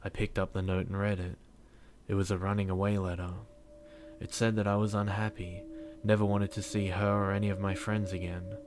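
Man, very low voice, horror story narration, measured, faint background hiss. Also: little pitch movement, a little mellow.

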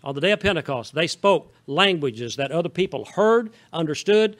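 A man's voice: fairly high pitch, lively intonation, moderate pace, fairly bright tone. A male pastor from Southeast Missouri with a Southern Missouri accent, preaching a folksy, conversational sermon and often checking in with the congregation. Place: church sanctuary.

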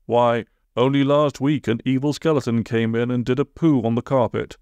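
A man's voice: mid-range voice, fairly even intonation, normal speed, a little mellow, smooth, no echo, natural voice. A man doing a fussy, apologetic innkeeper.

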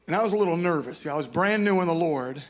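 A man's voice: fairly high pitch, expressive, quick pace. An older man speaking at a conference, telling a personal story as a sermon, rambling and self-deprecating with many restarts.

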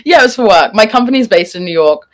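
British girl in her 20s, chatty, says like constantly, middle pitch. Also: animated, fast talker. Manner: chatty, fills speech with "like". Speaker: guest, former child actress. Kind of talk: casual interview chat.

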